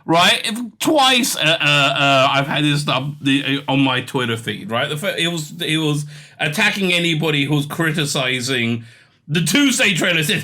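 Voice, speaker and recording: A male commentator rants through the news, reading articles aloud and stumbling over their wording with open scorn. His pitch sits a touch high and swings widely. His tone is sharp and bright. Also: animated, normal speed. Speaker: commentary channel host.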